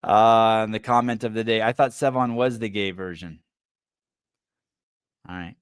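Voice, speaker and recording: A man's voice: on the low side, fairly even intonation, normal speed, clean tone, dry recording, studio quality. Profane rambling podcast host man. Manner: profane, rambling riffs with stammered restarts. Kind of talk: casual livestream commentary.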